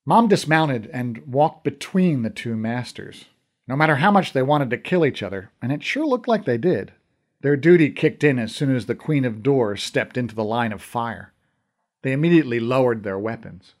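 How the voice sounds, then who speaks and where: Man, audiobook narrator, wry, conversational, animated pitch. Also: normal speed. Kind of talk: scripted first-person narration.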